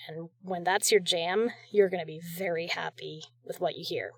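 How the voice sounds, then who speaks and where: A woman's voice: on the low side, steady tone, moderate pace, slightly rough, dry recording, studio quality. A woman hosting a casual chat show, gushing and chatty about audio creators she loves. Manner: gushing, chatty, with small restarts. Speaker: podcast host reviewing audio creators.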